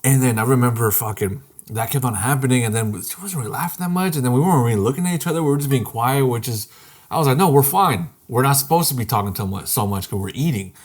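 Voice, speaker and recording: A man's voice: medium pitch, fast talker. A young man co-hosting a podcast, telling a laid-back story in casual chat and swearing freely. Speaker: podcast co-host.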